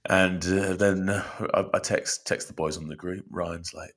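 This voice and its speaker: Deep-voiced man with dry teasing banter. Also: flat delivery, normal speed, fairly bright tone. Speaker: podcast co-host. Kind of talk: casual podcast chat.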